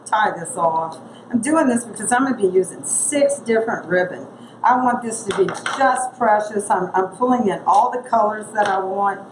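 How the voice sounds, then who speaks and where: A woman's voice: medium pitch, normal speed. A woman, chatting through a craft tutorial as she works. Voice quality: gravelly. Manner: chatty, thinks aloud while working. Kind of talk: casual craft demonstration. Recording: echoey room with noise.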